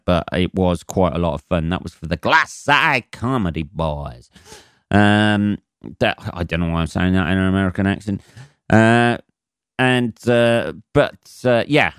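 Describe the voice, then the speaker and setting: A man's voice: lowish voice, clean tone, no room sound, studio quality. A man in his forties from England hosting a solo comedy podcast, rambling and swearing, with lots of fillers and chuckles at his own jokes.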